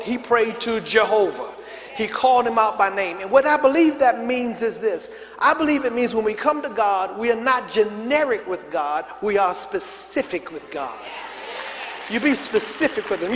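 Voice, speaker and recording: A man with a high voice preaches to his congregation in a large church, swinging between booming emphasis and low, quiet stretches. He calls on the crowd to repeat his words and answer back. The sound carries a long hall reverb with a faint hum underneath. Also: lively intonation, moderate pace. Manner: preaching with call-and-response to the congregation. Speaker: pastor. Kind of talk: sermon.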